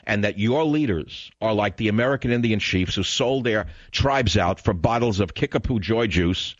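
Man, talk radio host, ranting, sarcastic, low voice, dry sound. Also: moderate pace, dry recording, lo-fi sound.

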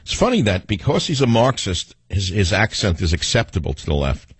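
A man's voice: on the low side, wildly swooping pitch, fairly quick, breathy edge, no echo. A man with a New York accent hosting a talk radio show, delivering a combative, emphatic and self-assured monologue.

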